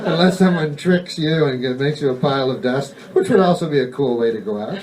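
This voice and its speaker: A man doing a rambling, deadpan stand-up routine on a comedy club stage, with audience laughter behind him. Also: mid-range voice, brisk, crowd noise.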